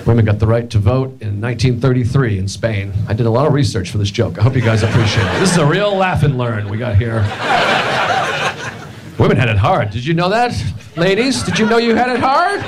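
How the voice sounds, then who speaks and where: Animated man doing stand-up, noisy. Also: medium pitch, a little fast. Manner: deadpan, animated storytelling. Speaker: stand-up comedian. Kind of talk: stand-up comedy set. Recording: loud background noise. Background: audience laughter.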